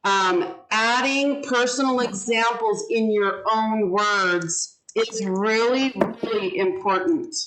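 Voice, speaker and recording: A woman teaching a class over a video call, slow and deliberate as she explains and models pronunciation. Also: a little high, fairly bright tone, poor audio. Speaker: English teacher.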